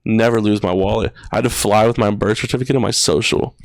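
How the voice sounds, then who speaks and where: A young man in his twenties, guesting on a podcast in a studio, tells an emotional personal story in casual slang full of "bro," "dude" and swearing. His voice is fairly low and steady, he talks fast, and there's no echo.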